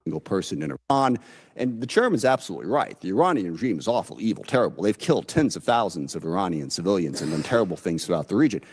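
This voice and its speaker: Low-voiced man speaking at a hearing. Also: big pitch swings, fast talker, breathy edge. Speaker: congressman at a committee hearing. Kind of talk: hearing remarks. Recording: played back through the stream.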